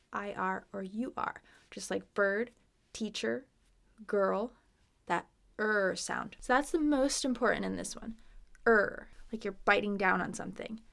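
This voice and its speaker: American woman, English pronunciation teacher, slow and deliberate, gravelly edge, fairly high voice, playful asides. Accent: General American. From United States. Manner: repeats words slowly, exaggerating mouth positions.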